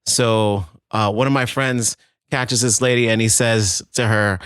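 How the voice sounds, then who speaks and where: A man's voice: lowish voice, steady tone, unhurried, a bit bright, clean tone, no echo, clean studio sound. A man co-hosting a podcast, telling a story in casual chat with frequent stammering restarts. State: tired. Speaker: podcast co-host.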